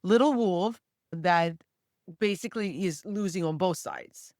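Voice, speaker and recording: A woman's voice: fairly low pitch, measured pace, a little mellow, no room sound. Balkan lady on a podcast, emphatic, keeps saying yep, dead dry close sound. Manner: emphatic, agreeing often with short yeps. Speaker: guest, cross-cultural coach. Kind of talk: casual podcast conversation.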